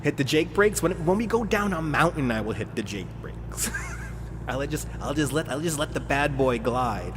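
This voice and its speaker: A man in his forties drinks beer while streaming himself driving in a truck simulator, chatting casually, laughing often, and answering his chat. His voice is a little high and animated, at a moderate pace, with background noise.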